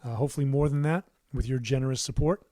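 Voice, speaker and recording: Middle-aged male musician, relaxed rambling livestream host, dry close studio sound. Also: medium pitch, quick pace, no echo. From United States. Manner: rambling, warm asides, many fillers and restarts. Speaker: musician hosting his own livestream. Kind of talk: casual livestream chat. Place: his home recording studio.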